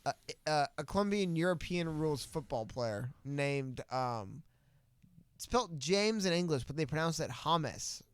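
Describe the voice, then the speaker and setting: A man's voice: a little high, animated, normal speed, clear, resonant tone, dry recording. A man co-hosting a casual political podcast, talking in a loose, rambling way. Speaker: podcast co-host.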